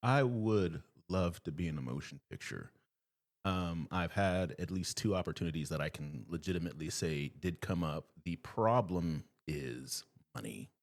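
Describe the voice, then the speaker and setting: A man with a deep voice, speaking at normal speed, appears as a podcast guest and tells stories in casual conversation. He's a performer and an animated storyteller who acts out the voices of the people he quotes.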